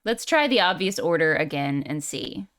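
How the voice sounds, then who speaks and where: A woman chatting casually while playing a puzzle game, wry and quick to laugh. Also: deep voice, sing-song, fairly bright tone. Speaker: game player.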